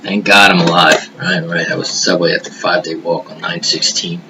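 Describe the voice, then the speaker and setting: A man with a very low voice rambles through a personal monologue, swearing freely and sinking into hushed murmurs now and then. He talks into a home webcam, and a steady hiss sits under every word. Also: a little fast. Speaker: vlogger. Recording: noisy hiss behind the voice.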